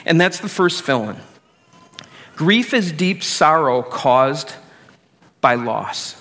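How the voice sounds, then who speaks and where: A man's voice: fairly high pitch, animated, slow pace, sharp tone. A middle-aged man preaching a sermon as pastor, conversational and self-deprecating.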